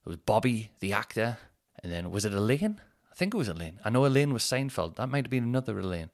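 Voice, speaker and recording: Rambling man, lowish voice. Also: big pitch swings, fast talker. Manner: rambling, self-deprecating, swears casually. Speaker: comedian podcast host. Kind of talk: casual solo chat.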